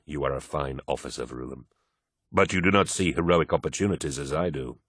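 A man's voice: a bass voice, brisk, fairly bright tone, husky, no echo, studio quality, pitched below the performer's own voice, heavily acted. A man voicing a proud, imperious male warlord in an audiobook reading, with stern, lofty speech.

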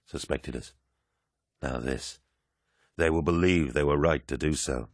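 A man voicing a grim, embattled male warlord commander in an audiobook, speaking low and bitter. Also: measured pace, dry recording, clean studio sound. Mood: brooding. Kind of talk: audiobook character voice.

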